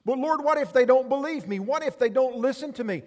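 Preacher doing a nervous male prophet, high and pleading, stumbling over his words; big reverberant hall. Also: fairly quick, a little mellow. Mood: frantic pleading. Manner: high-pitched, pleading, stammering. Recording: long reverb of a large hall.

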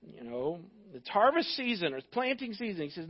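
A man preaching as a pastor, animated and joking, acting out the excuses people make. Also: high-pitched, brisk, slightly rough, lo-fi sound. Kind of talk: sermon.

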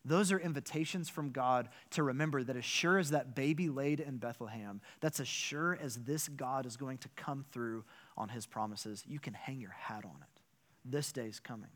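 A man, a pastor, delivering a sermon with animated, emphatic storytelling and rhetorical questions. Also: medium pitch.

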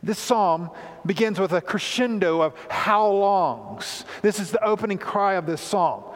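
A male pastor preaching a sermon in a church, rising loud and high on the cries he reads out and dropping low to explain. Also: expressive, a little slow. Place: church sanctuary. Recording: long hall reverb.

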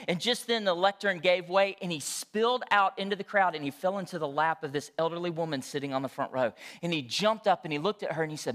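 A man's voice: high voice, very animated, fairly quick, bright, forceful tone, long reverb tail. A man, preaching a sermon in a conversational, storytelling way. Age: 40s. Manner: conversational, storytelling with frequent check-ins. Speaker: pastor.

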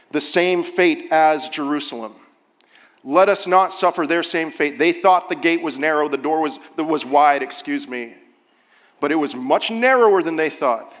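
A man's voice: fairly high pitch, a bit bright. A male pastor preaching a sermon, earnest and building to urgent emphasis. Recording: long hall reverb.

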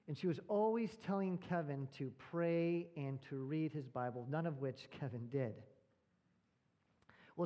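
A man's voice: on the high side, warm tone. A male pastor preaching a sermon, telling a story and posing rhetorical questions.

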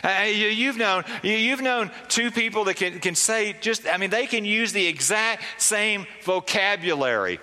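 A man's voice: high voice, moderate pace, few pauses, sharp tone. A man preaching a sermon as a pastor, conversational, often checking in with the congregation with rhetorical questions. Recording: long reverb of a large hall.

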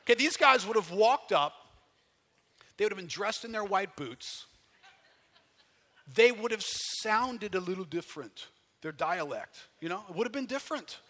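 A pastor preaching a folksy, conversational sermon, full of rhetorical questions and loud bursts of emphasis. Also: male voice, high voice, expressive, moderate pace, pauses often. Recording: long hall reverb.

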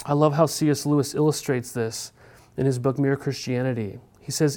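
Mellow-voiced pastor preaching conversationally. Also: male voice, medium pitch, a little fast. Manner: conversational, keeps checking in with "right?". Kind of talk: sermon.

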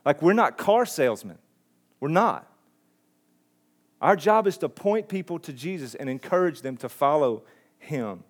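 A man's voice: fairly high pitch, expressive, measured pace, pauses often. A man preaching a sermon in an earnest, conversational way, often restarting his phrases. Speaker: pastor.

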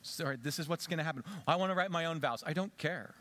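Male pastor, sermon, church, slightly high voice, conversational, soft low tones for emphasis. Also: quick pace. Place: church sanctuary.

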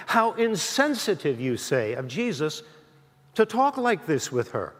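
A man preaching a sermon as pastor, slow and emphatic, with a lively, expressive delivery. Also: a little high. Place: church. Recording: church hall with long reverb.

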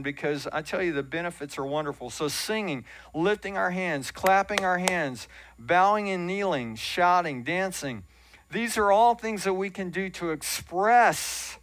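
A pastor delivers a sermon in a church, his voice pitched a little high for a man. He talks in an earnest, conversational way and drops in self-deprecating asides. The sound is close and dry. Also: a bit bright, no echo. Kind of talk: sermon teaching. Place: church sanctuary.

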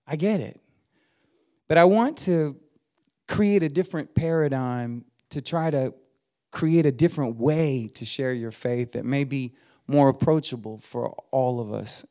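In a church sanctuary, a middle-aged guest preacher delivers a sermon in a medium-pitched, dark-toned voice. He's folksy and humorous, building up to emphatic exhortation.

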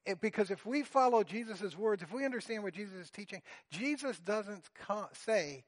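A man preaching a sermon, earnest and deliberate, explaining a Bible passage to his congregation. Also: high-pitched, lively intonation. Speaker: pastor.

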